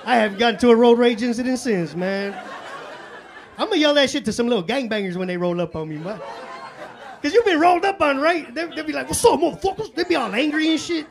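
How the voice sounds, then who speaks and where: A man's voice: very high-pitched, brisk, gravelly, a faint crowd, slight background noise. A man in his forties from Chicago doing a stand-up comedy set in a club, with loose, profane street talk full of fillers.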